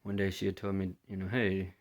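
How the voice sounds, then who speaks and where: Deep flat-voiced Englishman, halting storyteller. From London, England. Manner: hesitant, heavy with fillers and restarts. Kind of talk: first-person storytelling monologue.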